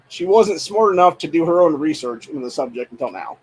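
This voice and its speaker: A man's voice: on the high side, expressive, brisk, few pauses, darkish tone, husky, rough recording. A man hosting a podcast, giving rambling, profane political commentary in a dismissive, ranting tone, full of filler phrases. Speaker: podcast host.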